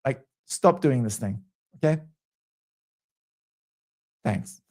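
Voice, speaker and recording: A man's voice: medium pitch, expressive, extremely slow, a little mellow. A man hosting a casual commentary stream, ranting in a rambling, exasperated way with many fillers. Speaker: stream host.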